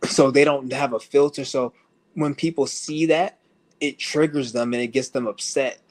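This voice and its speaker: A man with a medium-pitched, fairly even voice rants casually to the camera for his stream audience at a normal speed. He's blunt and profane, laughing often, and his audio comes through a streaming setup.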